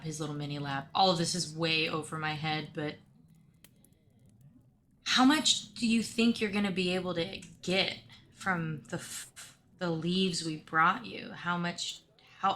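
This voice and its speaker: Bright-voiced woman player. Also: fairly low pitch, slight background noise. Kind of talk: in-character tabletop play.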